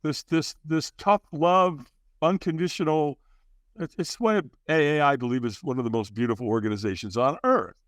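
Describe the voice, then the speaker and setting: A man's voice: a little high, moderate pace, dry recording, studio quality. Candid man in his sixties telling his story. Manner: frank, earnest, full of fillers and restarts, acts out quotes. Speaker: podcast guest. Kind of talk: candid personal storytelling in an interview.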